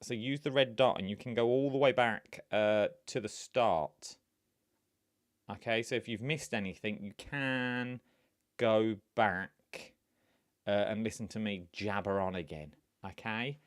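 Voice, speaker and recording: A man's voice: on the low side, unhurried, no echo, studio quality. A man hosting a live-streamed quiz, talking to viewers in a chatty, rambling way with lots of asides. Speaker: quiz host.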